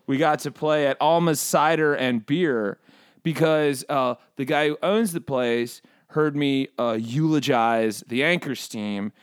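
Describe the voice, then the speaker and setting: A man playing a brash, excitable bird who hosts a comedy podcast, rambling through profane, pun-filled stories. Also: mid-range voice, a little slow, smooth, dry recording, clean studio sound, close to an everyday voice. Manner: rambling, profane, punning, riffs on asides. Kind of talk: comedic character monologue.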